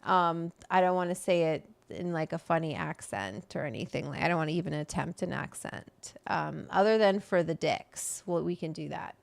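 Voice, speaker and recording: A woman hosts a relaxed, chatty talk and reads quotes aloud in an easy way. Her voice has a gravelly, fried edge at a middle pitch. The sound is close and dry, with no room echo. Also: normal speed, few pauses. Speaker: host. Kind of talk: casual chat.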